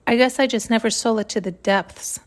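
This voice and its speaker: A woman's voice: fairly high pitch, a little fast. Woman musing aloud, rambling and searching. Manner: rambling, searching, restarts often. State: near tears at times. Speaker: podcast host. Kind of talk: intuitive musing monologue.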